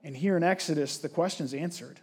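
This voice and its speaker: High-voiced man preaching a sermon. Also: fairly quick, breathy edge. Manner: earnest, conversational preaching with rhetorical questions; frequent restarts and repeated words. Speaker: pastor.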